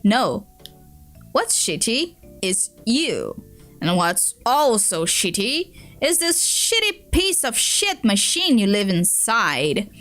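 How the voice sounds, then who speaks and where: A woman's voice: a little high, sing-song, slow pace, fairly bright tone, soft background music, full character voice. A woman reading as a crude, stubborn alien boy. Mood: irritated. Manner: brash and foul-mouthed. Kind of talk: reading a web comic aloud.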